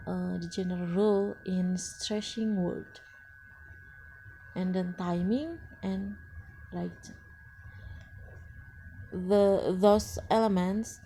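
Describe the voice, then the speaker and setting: A woman, not a native English speaker, lecturing on English pronunciation with frequent pauses and restarts. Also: mid-range voice, mellow, a little hiss or hum. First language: Indonesian. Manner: slow and hesitant, frequent uh fillers and restarts. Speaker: English teacher. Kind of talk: lecture presentation.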